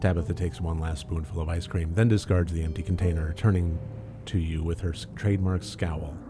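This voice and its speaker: A man's voice: deep voice, steady tone, fairly quick, music in the background. A man playing a story game on stream, reading narration aloud and commenting in a jokey, swearing, casual way. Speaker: let's play streamer.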